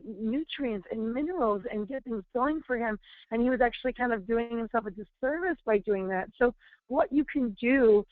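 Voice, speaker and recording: A fairly high-voiced woman in her thirties tells stories in a chatty webinar talk, with lots of fillers and restarts. The sound is tinny, like a phone line, and very dry. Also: dry recording. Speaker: wellness trainer.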